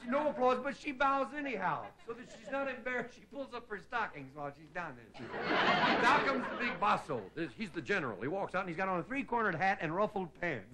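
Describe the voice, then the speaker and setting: Middle-aged male comic host, folksy monologue style, high lively voice, noisy old TV broadcast sound. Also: a little fast. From Indiana, USA. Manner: folksy storytelling, tags lines with "see?". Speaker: comedian and show host. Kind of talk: stand-up comedy monologue. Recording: noisy 1960s TV broadcast recording.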